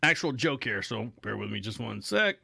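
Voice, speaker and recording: A man's voice: fairly low pitch, very animated, moderate pace, vocal fry, sharp tone. A man hosting a podcast in a casual, rambling monologue, repeating himself and chuckling. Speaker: podcast host.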